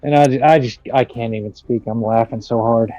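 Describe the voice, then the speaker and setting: A man putting on a high, giggling prankster who can hardly speak for laughing. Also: steady tone, fairly quick, warm tone, no echo, dull audio, faint music behind, lightly acted. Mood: giggly. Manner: giggling through his words.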